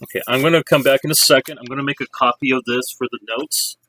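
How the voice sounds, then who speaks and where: A man's voice: mid-range voice, fairly even intonation, fast talker, bright, forceful tone, a little hiss or hum, low-quality recording. A man teaching a drawing lesson, walking students through each step in a chatty way. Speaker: art teacher.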